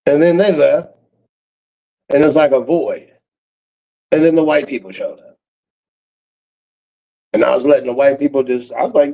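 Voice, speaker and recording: A man's voice: mid-range voice, normal speed, gravelly, pauses often, mellow, low-quality recording. A man YouTuber talking in a casual rambling monologue, full of street slang, chuckles and trailing fillers.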